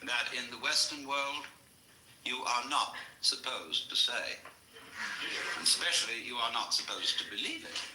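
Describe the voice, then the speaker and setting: A man giving an anecdotal lecture to an audience, with a wry, lively storytelling manner. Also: mid-range voice, measured pace. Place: lecture hall before an audience. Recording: roomy lecture hall recording with faint hiss.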